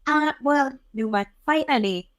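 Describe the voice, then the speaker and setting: A woman conducts a casual interview, talking hesitantly and filling her speech with many "I mean"s. Her voice is high-pitched and a little slow, with no room sound.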